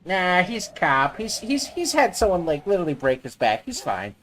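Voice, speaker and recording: A woman's voice: fairly low pitch, sing-song, moderate pace, fairly bright tone, a little hiss or hum. A woman streaming a game, chatting casually, swearing and teasing with jokes. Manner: profane, teasing, jokey. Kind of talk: casual gaming stream chat.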